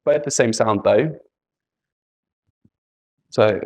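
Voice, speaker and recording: A man's voice: lowish voice, expressive, slow pace, pauses often, a little mellow. A man teaching an English spelling lesson, patiently repeating letters and example words.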